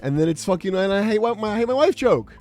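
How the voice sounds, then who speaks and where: A man's voice: high-pitched, lively intonation, fast talker, a little mellow, soft background music. A young adult man streaming, chatting casually in a rambling, exasperated, profane way. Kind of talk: casual livestream chat.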